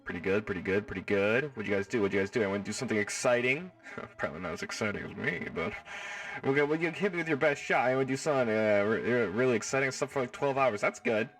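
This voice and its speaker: A man's voice: mid-range voice, fast talker, a bit bright, far from the mic, soft background music. A man hosting a casual live stream from home, reading chat in a playful, jokey way and swearing freely.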